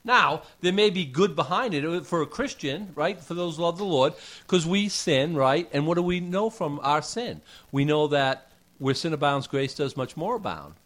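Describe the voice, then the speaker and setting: A man's voice: fairly high pitch, expressive, moderate pace, fairly bright tone. A man preaching a casual sermon, talking conversationally with rhetorical questions and folksy asides.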